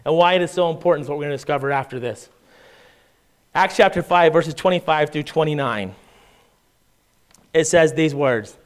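A man delivers a sermon in a conversational way, weaving in scripture readings and frequent check-ins with his listeners. His voice is smooth and resonant. It sits a little higher than most men's. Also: moderate pace, pauses often. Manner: conversational preaching with frequent "right?" asides and restarts; reads scripture aloud in King James style. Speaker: pastor.

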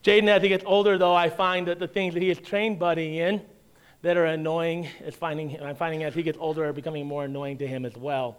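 A pastor delivers a sermon with a high, smooth, resonant voice. He talks in a relaxed, conversational way and slips in wry humor as he tells a story. The sermon is given in a church. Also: a little fast.

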